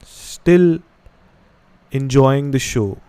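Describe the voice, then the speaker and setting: A man's voice: medium pitch, very slow, dark tone, clear, resonant tone, dry recording. A young man from India with an Indian English accent, chatting casually on a live stream and reading viewer comments aloud. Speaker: podcast host.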